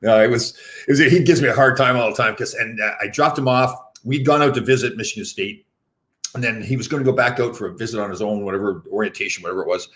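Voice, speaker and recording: Male podcast host in his fifties, low voice, rapid rambling delivery full of "uh"s and restarts. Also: fairly bright tone. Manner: rambling, with many fillers and restarts. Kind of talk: casual interview chat.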